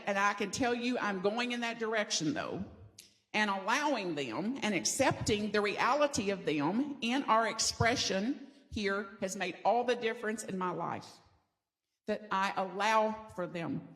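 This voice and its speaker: A middle-aged Southern American woman pastor preaches in a church sanctuary, conversational and playful, leading the congregation in call-and-response as they repeat lines with her. Her voice is medium-pitched and creaky.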